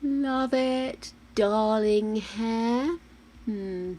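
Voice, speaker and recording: Muttering to herself while gaming, a British live streamer keeps up casual gameplay chat. She speaks extremely slowly in a mellow, slightly high voice, and the recording quality is low.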